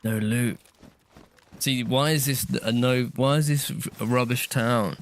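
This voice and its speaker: A man's voice: medium pitch, steady tone, a little slow, slight background noise. A man co-streaming a survival game, chatting in a wry, offhand, grumbling way. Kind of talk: casual live gameplay chat.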